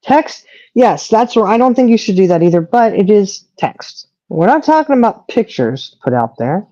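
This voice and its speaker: A middle-aged woman, chatting on a livestream and telling stories with animated quoting. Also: medium pitch, moderate pace, dry recording. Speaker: co-host. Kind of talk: casual chat on a livestream. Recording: dull lo-fi audio.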